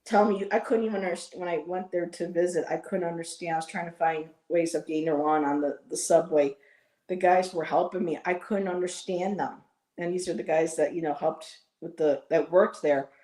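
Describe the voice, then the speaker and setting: With a fairly low pitch, fairly even intonation, and a warm tone, this Buffalo-accented woman from western New York talks a little fast. She co-hosts a casual live stream, telling chatty stories and voicing others in them, recorded with roomy echo.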